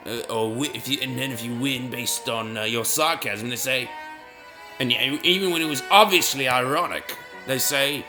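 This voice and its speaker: Bright, rambling male gamer. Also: mid-range voice, moderate pace, faint music behind. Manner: rambling, self-mocking, easily sidetracked. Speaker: gaming video host. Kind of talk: casual rambling gameplay commentary.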